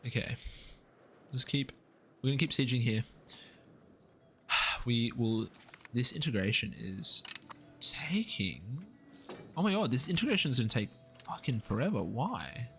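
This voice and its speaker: A man's voice: medium pitch, big pitch swings, a little slow, pauses often, a bit bright. A young Australian man with an Australian accent, rambling casually and upbeat while streaming a strategy game and chatting with viewers. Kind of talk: casual live-stream gameplay chat. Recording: faint music behind the voice. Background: faint background music.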